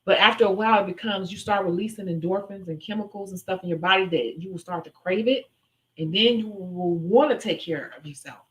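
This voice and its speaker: On a rough recording, a young adult woman with a medium-pitched voice talks a little fast while hosting a live question-and-answer stream. She answers viewers casually and candidly, slipping into other voices when she tells stories.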